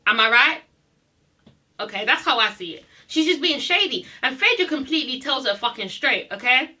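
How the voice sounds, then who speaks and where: A woman's voice: sits high, expressive, normal speed, pushed and bright. A woman recapping a reality TV episode in a blunt, sassy rant, swearing freely and repeating herself for emphasis. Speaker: reality TV reviewer. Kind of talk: casual ranting recap.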